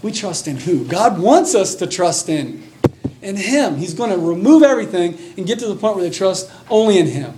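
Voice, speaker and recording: A man preaching a sermon, telling a Bible story with lively excitement and reading scripture aloud. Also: sits high, normal speed, a little hiss or hum. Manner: animated storytelling, reads scripture aloud, acts out scenes with excitement.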